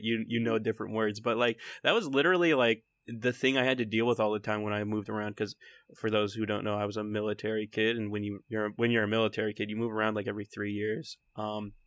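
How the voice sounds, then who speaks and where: A young man from Texas with a faint Texan accent, co-hosting a casual podcast in an excitable, rambling way, laughing often and swearing casually. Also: lowish voice, dry recording. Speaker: podcast co-host.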